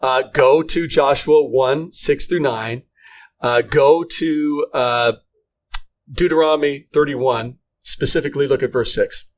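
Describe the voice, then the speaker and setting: A middle-aged man co-hosting a faith podcast, talking earnestly with frequent restarts. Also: mid-range voice. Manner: earnest, halting, many restarts. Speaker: podcast co-host. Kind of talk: casual faith conversation.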